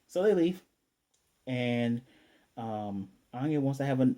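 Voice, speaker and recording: Mellow American male host, loose rambling anime recap full of fillers. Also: mid-range voice, expressive, unhurried, pauses often. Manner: rambling, many fillers and self-corrections. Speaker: anime reviewer. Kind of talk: casual episode review.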